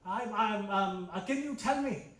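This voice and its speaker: Comic playing a fond old uncle, high voice, echoey distant room. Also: male voice, a little slow, a bit bright. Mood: nostalgic. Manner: doting, says "beta" often. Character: old colonial-minded Indian uncle, fussy and nostalgic. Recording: echoey hall, heard from a distance.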